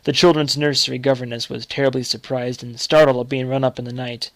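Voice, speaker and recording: A man reading a short story aloud in a measured, dramatic storytelling manner. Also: medium pitch, little pitch movement, no room sound. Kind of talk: scripted narration of a short story.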